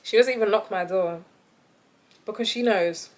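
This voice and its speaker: A young woman who tells a story in a casual, animated, chatty way and laughs often. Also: mid-range voice, moderate pace. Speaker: vlogger.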